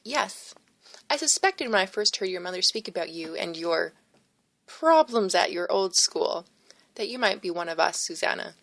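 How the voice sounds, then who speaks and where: A woman voicing a kindly, modest male priest who talks gently and a little formally in an audiobook. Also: fairly low pitch, lively intonation, normal speed, creaky, heavily acted. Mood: earnest. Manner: gentle, earnest, slightly formal.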